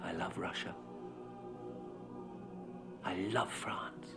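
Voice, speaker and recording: A whispering, mad young dancer. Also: male voice, deep voice, extremely slow, over loud music, exaggerated voice. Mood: hushed rapture. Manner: hushed, often whispered, breaking into far-off shouts. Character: tormented, ecstatic young male dancer sliding into madness. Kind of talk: film voice-over monologue.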